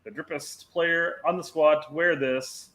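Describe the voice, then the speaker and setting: A man's voice: a little high, fairly even intonation, unhurried, fairly bright tone. A man co-hosting a casual soccer podcast, rambling with stammered restarts and frequent laughs. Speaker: podcast co-host. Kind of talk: casual chat.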